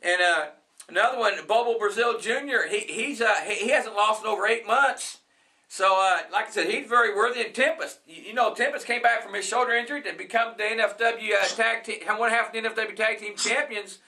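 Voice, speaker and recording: A man's voice: sits high, fairly quick, pushed and bright. A man hosting a wrestling talk show, rambling and repeating himself as he promotes the event. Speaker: host.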